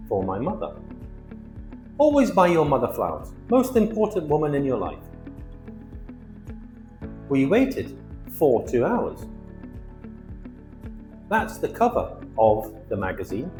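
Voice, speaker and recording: Lively-pitched man teaching grammar. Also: in a large hall. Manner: clear, emphatic teaching delivery with question-tag intonation. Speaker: English teacher. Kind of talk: grammar lesson. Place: hot location.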